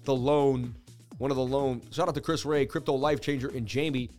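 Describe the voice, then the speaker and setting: A man's voice: mid-range voice, fairly even intonation, normal speed, a little mellow, soft background music. A man in his thirties hosting a crypto trading livestream, rambling through charts in casual chat and laughing at his own jokes.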